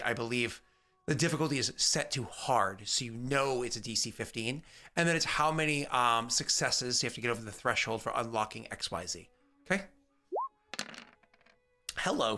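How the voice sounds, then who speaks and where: Bright-voiced rambling game master, a man. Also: mid-range voice, fairly quick. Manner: chatty, rambling, with many fillers. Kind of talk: narrating a tabletop game.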